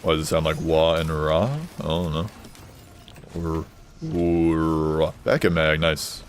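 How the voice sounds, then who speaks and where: Male streamer, very low voice, offhand joking commentary over faint game noise. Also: flat delivery, slow. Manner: joking, reading chat aloud, offhand. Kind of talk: casual gaming stream commentary.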